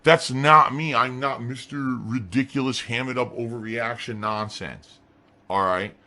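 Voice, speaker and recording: A man talking insistently in his own defense, firm and dismissive. His voice has a bright, forceful edge. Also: medium pitch, measured pace. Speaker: streamer.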